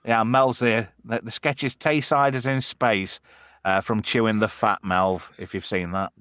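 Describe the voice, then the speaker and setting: A man hosting a casual livestream chat, bawdy and animated as he tells stories. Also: lowish voice, unhurried, smooth, dry recording, clean studio sound. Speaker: host.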